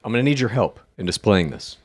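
A man's voice: lowish voice, expressive, quick pace. A middle-aged man co-hosting a podcast in casual chat, wry and swearing, often laughing. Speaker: podcast co-host.

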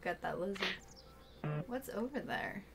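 Slow-talking woman streaming a game. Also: medium pitch, lively intonation, gravelly, over loud music. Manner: chatty, muttering asides, scolding a pet. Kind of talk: casual gameplay chat.

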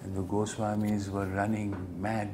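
A man's voice: fairly low pitch, completely flat delivery, normal speed, noisy background. An older man earnestly recounting a personal memory, sometimes acting out what others said with rising intensity. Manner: earnest, acts out quoted speech with rising intensity. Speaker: devotee sharing memories. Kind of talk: reflective storytelling.

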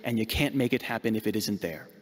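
A man's voice: lowish voice, fast talker, in a large hall. A man preaching a sermon as a priest, emphatic and repeating words as he searches for them.

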